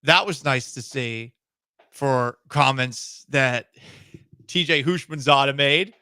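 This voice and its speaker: A man's voice: medium pitch, slow, pushed and bright, smooth, no echo. A man hosting a sports talk radio show in a studio, speaking in a wry, sarcastic way.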